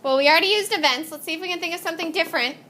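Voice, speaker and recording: A woman's voice: very high voice, rapid-fire, sharp tone, a little hiss or hum. A woman teaching a classroom lesson, calling on students by name and encouraging them.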